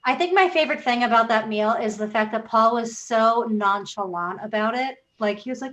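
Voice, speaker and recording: A woman's voice: on the high side, brisk, few pauses, a bit bright, highs cut off. A woman chatting on a video call, upbeat and enthusiastic. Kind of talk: casual chat on a video call.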